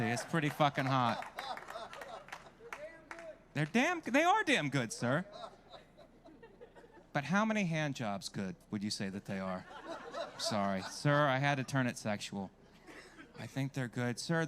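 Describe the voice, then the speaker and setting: A man doing a stand-up comedy set on a club stage, brash and crowd-working, swearing freely into a handheld mic. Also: medium pitch.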